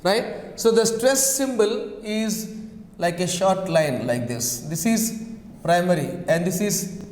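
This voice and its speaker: High-voiced guy teacher drilling words over and over, slow, big echoey hall. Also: expressive, darkish tone. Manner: repetitive, drills words slowly. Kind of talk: classroom lesson on word stress. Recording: echoey long-reverb room.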